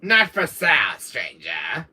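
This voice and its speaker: A man voicing a shady male merchant from a video game, with a low, gravelly rasp. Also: huge pitch swings, takes it slowly, sharp tone, full character voice. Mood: sly.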